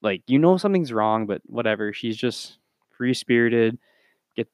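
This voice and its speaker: Male podcast co-host, mid-pitched, ranting film recap, dry booth sound. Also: animated, moderate pace, no echo. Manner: profane, exasperated, mimics characters in high voices. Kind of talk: casual film review chat.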